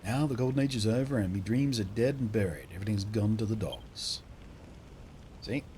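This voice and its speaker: A man voicing a washed-up old tavern keeper in a game who grumbles gruffly at strangers. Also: lowish voice, animated, moderate pace, background noise, close to an everyday voice. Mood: grumbling.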